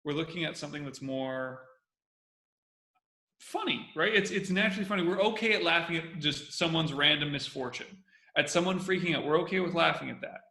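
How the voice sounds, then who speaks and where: A man's voice: a little high, a little fast, pushed and bright, echoey room. A man hosting a show that breaks down comedy, talking casually and energetically and repeating his key points. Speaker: host analyzing comedy. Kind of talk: casual video commentary.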